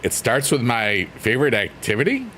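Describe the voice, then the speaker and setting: A man's voice: mid-range voice, wildly swooping pitch, normal speed, a bit bright, a little hiss or hum. A man casually chatting on a livestream, reading out chat messages in a rambling, playful, teasing way. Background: faint piano music.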